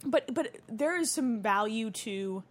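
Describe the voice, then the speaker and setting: A woman in her thirties co-hosting a podcast from her basement, chatting casually, animated and swearing freely. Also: on the high side, slow pace. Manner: animated, swearing, laughing often. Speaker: podcast co-host. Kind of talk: casual chat. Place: home basement.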